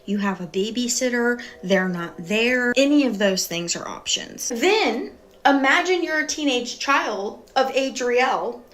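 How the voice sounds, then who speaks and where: A woman's voice: fairly high pitch, animated, unhurried, hardly any pauses, fairly bright tone. A woman commentator narrating and criticizing a streamer's behavior in a matter-of-fact way.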